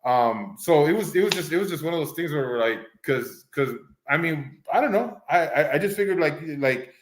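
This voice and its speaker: Male co-host, first language Spanish, slightly raised pitch, rambling animated delivery, roomy echo. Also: brisk. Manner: rambling, many restarts, acts out voices animatedly. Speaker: podcast co-host. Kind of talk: casual chat.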